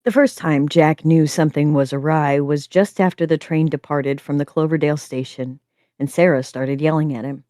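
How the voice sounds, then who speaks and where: Giggly, excitable woman on a stream. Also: low-pitched, normal speed, dry recording, studio quality. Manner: giggly and excitable, talks with her mouth full. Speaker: co-host of a writing prompt stream. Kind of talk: casual chat and reading stories aloud.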